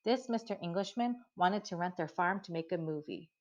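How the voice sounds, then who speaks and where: A woman voicing a skeptical, sharp-tongued young girl who talks bluntly and dismissively. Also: lowish voice, normal speed, close to an everyday voice. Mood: scoffing. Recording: dull lo-fi recording.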